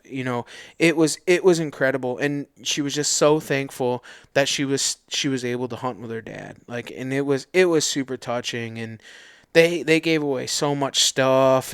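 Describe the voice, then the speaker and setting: A man co-hosting a podcast, telling stories in casual, slangy chat with loose, animated energy. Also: medium pitch, smooth, no echo, studio quality. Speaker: podcast co-host.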